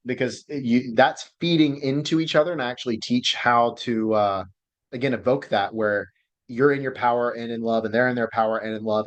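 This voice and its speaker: Low-voiced man coaching casually. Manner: loose, profane and excitable, many fillers. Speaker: relationship coach. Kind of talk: casual online class presentation.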